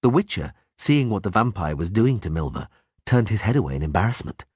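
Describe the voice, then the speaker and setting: A man reads an audiobook aloud with a husky voice. His pitch swings widely as he dramatizes the story. The sound is dry and close. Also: brisk, no room sound. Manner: lively dramatic reading. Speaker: audiobook reader. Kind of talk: audiobook narration.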